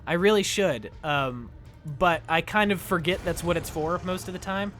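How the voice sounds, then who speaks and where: With faint music in the background, a young American game streamer talks to his audience at a normal speed in a high-pitched voice. He keeps up casual, jokey chat while playing and lets out excited squeals when things go his way.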